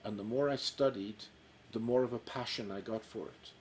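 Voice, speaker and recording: A man's voice: fairly low pitch, moderate pace, poor audio. A man in his sixties, a cantor, telling his life story in a casual interview and acting out the dialogue. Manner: warm storyteller, acts out quoted dialogue. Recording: faint background noise.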